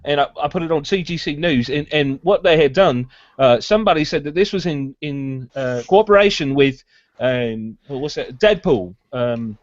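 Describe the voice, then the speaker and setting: A man co-hosts a casual news podcast in a chatty, sarcastic way. His voice sits fairly high. The dry recording sounds dull and lo-fi. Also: animated, moderate pace, no room sound. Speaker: podcast co-host.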